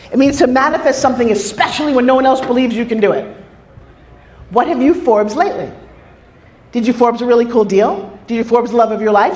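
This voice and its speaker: A woman with a New York accent giving an energetic motivational stage talk, telling stories with asides to the audience. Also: a little high. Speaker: motivational speaker. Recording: echoey hall.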